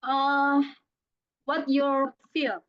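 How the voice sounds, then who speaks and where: A woman with an Indonesian accent speaks slowly in a high voice, hesitating often. She presents over a video call with dull, lo-fi audio. She sounds like a learner working through a second language. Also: flat delivery. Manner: hesitant, many fillers. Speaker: student presenter.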